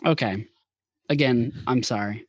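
A man's voice: medium pitch, unhurried, husky, no echo, studio quality. A man co-hosting a podcast, chatting casually, teasing and laughing often. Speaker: podcast co-host. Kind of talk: casual chat.

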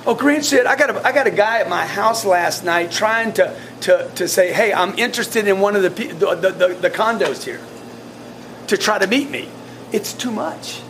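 A man coaching his sales staff in a blunt, animated way, often restarting his sentences. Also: high voice, moderate pace, a little hiss or hum. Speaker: sales team leader.

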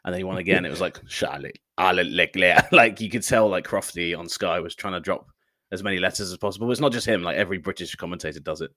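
Quick, jokey podcast co-host, male, fairly low voice, quick to laugh. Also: pushed and bright. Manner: quick, laughing, self-mocking. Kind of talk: casual chat.

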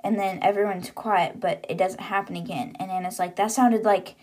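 A woman's voice: lowish voice, level tone, fairly quick, darkish tone. A woman hosting a podcast, retelling a novel in a chatty, casual way with laughs and sarcastic asides. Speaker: podcast host. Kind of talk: casual book recap.

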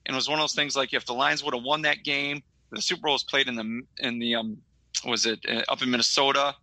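A man's voice: mid-range voice, fairly even intonation, quick pace, bright, forceful tone, dry recording, low-quality recording. A middle-aged man from Michigan, a podcast co-host, telling a rambling story in casual chat with lots of fillers.

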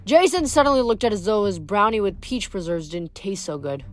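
A woman reading a novel aloud chapter by chapter, in a plain steady way with small slips. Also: mid-range voice, brisk, hardly any pauses, faint music behind. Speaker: audiobook reader.

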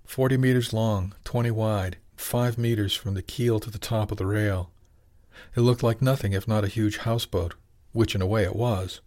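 Man, audiobook narrator, low voice, measured scripted reading. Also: fairly even intonation, a little mellow.

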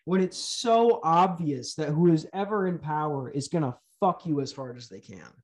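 A man's voice: a little high, animated, moderate pace, a little mellow. Young male podcast host, profane sarcastic rant style. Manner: swearing, ranting, sarcastic.

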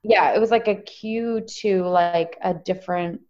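A woman's voice: mid-range voice, steady tone, a little slow, a little mellow, dull audio. A woman co-hosting a casual movie-review chat, talking hesitantly with many fillers. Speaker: podcast co-host.

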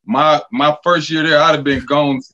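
Casual podcast storyteller, man, animated and profane, a bit high, dull lo-fi audio. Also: moderate pace. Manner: animated, profane, acts out quoted dialogue. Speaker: podcast guest, former college basketball player.

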